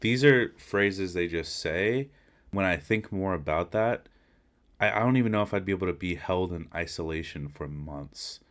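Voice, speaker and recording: Deep-voiced man rambling casually. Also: animated, moderate pace, fairly bright tone. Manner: laid-back, rambling, slangy. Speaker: podcast host reacting to a video. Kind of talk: casual reaction commentary.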